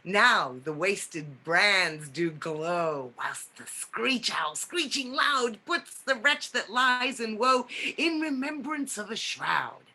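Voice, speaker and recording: Woman voicing mischievous fairy Puck, slow measured verse, bright tone, video-call reading. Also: mid-range voice, expressive, heavily acted. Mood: playful.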